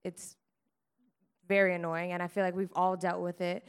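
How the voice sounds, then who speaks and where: Smooth-voiced woman podcast host. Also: fairly low pitch, level tone, moderate pace. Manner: frank, blunt asides. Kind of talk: casual podcast interview.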